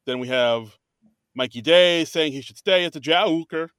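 A man's voice: a little high, fairly bright tone, clean tone, dry recording, studio quality. A man co-hosting a podcast, chatting casually and rambling through his thoughts with many fillers and restarts. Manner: rambling, halting, lots of fillers. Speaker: podcast co-host. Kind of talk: casual chat reviewing a comedy show. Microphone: remote call recording.

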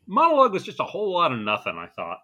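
A man's voice: a little high, wildly swooping pitch, very fast, bright, forceful tone, lo-fi sound. A man co-hosting a podcast, chatting casually with a dry, blunt wit. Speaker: podcast co-host. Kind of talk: casual chat reviewing a comedy show. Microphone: remote call recording.

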